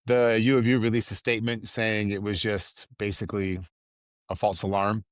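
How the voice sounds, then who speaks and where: A man hosts a solo podcast in a casual, rambling chat. His voice sits somewhat low and sounds dry and close to the mic. He drifts between asides in an easy, unhurried way. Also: flat delivery, dry recording. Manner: rambling, loose and conversational with fillers and asides. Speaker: podcast host.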